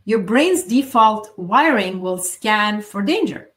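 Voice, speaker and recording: Woman coaching with emphatic pauses. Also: mid-range voice, expressive, a bit bright. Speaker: podcast host. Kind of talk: solo motivational talk.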